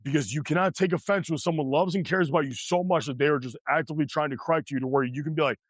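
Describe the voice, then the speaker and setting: A man's voice: on the high side, quick pace, few pauses, no room sound. Blunt, preachy male podcast host. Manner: preachy, emphatic, repeats phrases. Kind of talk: blunt motivational monologue.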